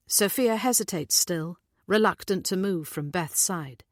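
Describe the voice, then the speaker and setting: A woman narrating an audiobook in a measured, even reading style. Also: fairly low pitch, dry recording, studio quality. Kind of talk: scripted narration.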